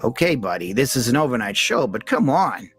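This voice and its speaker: A man's voice: mid-range voice, big pitch swings, brisk, fairly bright tone, breathy edge, faint music behind, heavily acted. A man voicing a brash late-night call-in radio host with a Rhode Island accent.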